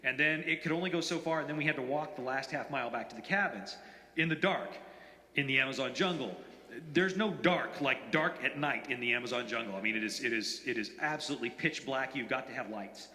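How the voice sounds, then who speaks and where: A man in his forties, an author telling anecdotes at a bookstore event, in a rambling, halting way full of fillers and restarts. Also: medium pitch, bright, forceful tone. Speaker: author at a reading. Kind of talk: live anecdotal storytelling. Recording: roomy, reverberant hall.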